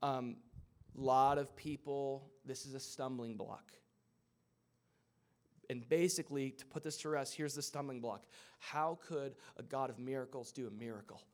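A man's voice: mid-range voice, unhurried. Man preaching a casual sermon. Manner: casual retelling of scripture with asides and character voices. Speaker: pastor.

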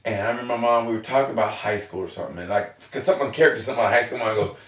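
A man in his forties, originally from Oklahoma, telling candid personal stories as a guest, animated, swearing freely and laughing often. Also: fairly low pitch, very fast, few pauses. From Oklahoma, USA. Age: 40s. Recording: roomy echo, mic at a distance.

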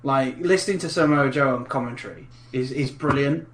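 A man's voice: mid-range voice, fairly quick, fairly bright tone, echoey room, slight background noise. A man co-hosting a casual podcast, playful and fond of mimicking others. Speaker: podcast co-host. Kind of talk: casual chat.

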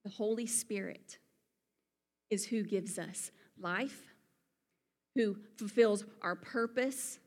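Slow and pausing often, a Southern-accented Alabama woman preaches earnestly in a conversational style with folksy asides. Her voice is mid-range and a little mellow, and the recording carries long hall reverb.

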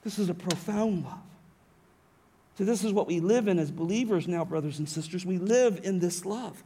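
A high-pitched, middle-aged pastor gives an earnest sermon from the pulpit at normal speed, his voice carrying a breathy edge. Explaining scripture with steady conviction, he often halts to correct himself and restart what he was saying.

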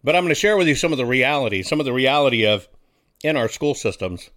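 A man's voice: mid-range voice, expressive, quick pace, a bit bright. A male talk show host speaks in a folksy, combative way, often turning to the audience with rhetorical questions. His voice sits in an ordinary middle range. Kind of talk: casual talk show monologue.

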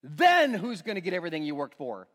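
A man voicing God, delivering a stern, drawn-out rebuke during a sermon. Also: a little high, huge pitch swings, a bit bright, long reverb tail, heavily acted. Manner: thundering rebuke, slowed and drawn out.

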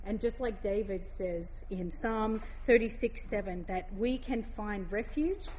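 A woman giving a heartfelt devotional talk, reading scripture aloud slowly and gently. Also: medium pitch, a little hiss or hum.

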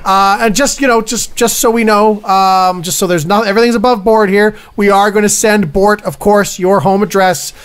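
An improv performer playing a rambling, halting male complaints-survey clerk with a sinister streak. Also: sits high, fairly even intonation, clear, resonant tone, natural voice. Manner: rambling, halting, full of fillers. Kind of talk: improv comedy.

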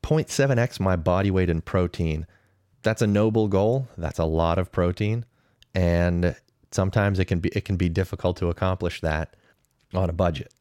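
A man's voice: sits low, normal speed, darkish tone, dry recording, clean studio sound. A man in his thirties giving casual, opinionated podcast commentary, weighing pros and cons in a conversational way. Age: 30s. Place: podcast studio.

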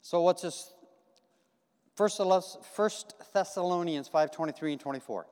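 Male preacher, conversational sermon, folksy, repetitive, slightly high voice, long church reverb. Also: unhurried, darkish tone, smooth. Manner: folksy, repetitive, asks the congregation questions. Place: church sanctuary.

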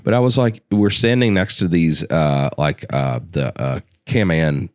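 A man hosting a casual podcast chat, laid-back and profane, quick to laugh. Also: extremely low pitch, a little mellow, no echo, studio quality. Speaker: podcast host and gun company owner.

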